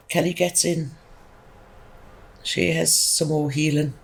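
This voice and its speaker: Gravelly-voiced woman. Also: low-pitched, steady tone, slow pace, long pauses, rough recording. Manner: chatty, emphatic, rambling. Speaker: guest. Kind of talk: casual storytelling.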